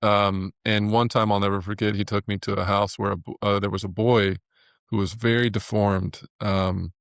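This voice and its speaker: Male interview guest, gravelly low voice, sincere and halting delivery. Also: flat delivery, no room sound, studio quality. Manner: earnest, halting with many restarts. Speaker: guest, animator. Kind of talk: reflective interview talk.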